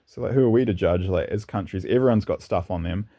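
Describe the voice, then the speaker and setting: This channel host's voice sits low and dark, and he talks at a quick pace. Offering his opinions in a casual monologue, he rambles earnestly and mixes in some laughter.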